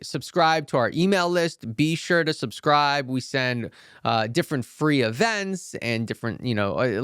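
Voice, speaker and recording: A man's voice: medium pitch, clean tone, dry recording, clean studio sound. A man hosting a podcast and acting as a coach, telling a story and giving motivational advice in an enthusiastic way.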